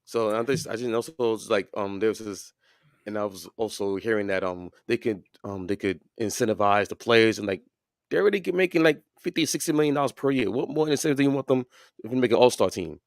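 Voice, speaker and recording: Sports banter from a podcast co-host who rambles, fills pauses and keeps restarting. His voice is on the low side, animated and fast, captured dry in a clean studio.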